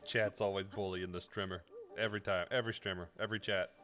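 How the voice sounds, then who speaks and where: A man's voice: deep voice, fairly even intonation, fast, bright, forceful tone. A man streaming a game and bantering playfully with his chat, teasing back and laughing at himself. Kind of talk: casual gameplay stream chat.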